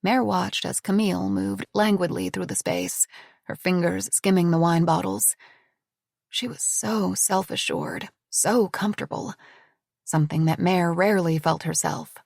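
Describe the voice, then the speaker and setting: A woman narrating an audiobook in a measured, descriptive reading. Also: fairly low pitch, lively intonation, gravelly, a little mellow, no echo, clean studio sound. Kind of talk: scripted narration.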